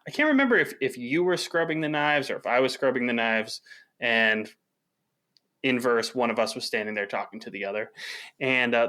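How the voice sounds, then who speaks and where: A man co-hosting a podcast, telling a kitchen story in a casual, animated way and swearing freely. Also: mid-range voice. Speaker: podcast co-host.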